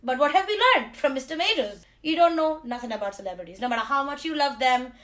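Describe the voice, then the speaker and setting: A young woman hosting a casual pop-culture podcast, talking in an animated, sarcastic way with quick asides. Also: sits high. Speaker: podcast host.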